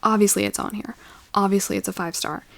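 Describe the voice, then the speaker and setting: A woman's voice: medium pitch, steady tone, fast talker, gravelly, a little hiss or hum. A young woman reviewing her favourite books in a casual vlog, gushing and playful, sometimes dropping into a whisper. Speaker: book reviewer.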